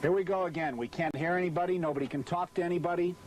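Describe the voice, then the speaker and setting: These are outtakes from a scripted promo shoot on a hot set, in and around a vehicle, where a short-tempered spokesman curses and gets flustered whenever he forgets a line. He speaks very fast in a high, fairly even voice over a noisy background.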